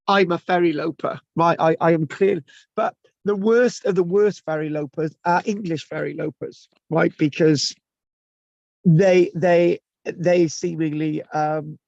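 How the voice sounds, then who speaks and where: A man with a slightly high, gravelly voice speaks at a measured pace with fairly even intonation, giving a chatty, informal lecture to an online class full of restarts and tag questions. The recording is dull and lo-fi, completely dry with no room sound.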